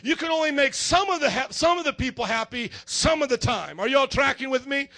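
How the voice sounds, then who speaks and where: A man preaching a lively sermon as pastor, acting out scenes with animated voices. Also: brisk. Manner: animated preaching, acts out fans in high excited voices.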